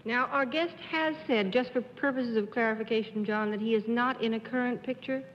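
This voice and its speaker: A woman on a TV game show panel, asking crisp, direct questions. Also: fairly high pitch, brisk. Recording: dull 1950s TV studio sound with hall echo and hiss.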